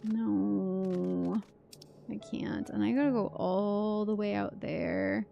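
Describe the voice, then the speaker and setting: A woman's voice: medium pitch, fairly even intonation, slow, creaky, muffled recording. A woman game streamer chatting casually on a livestream, giggling often and reacting to chat messages.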